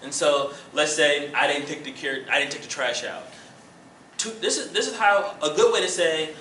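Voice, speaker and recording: Picked up from afar by an echoey room microphone, a man with a slightly high voice speaks at a normal speed over background noise. He's leading a church relationship class, playing out examples in a lively way full of jokes and laughs.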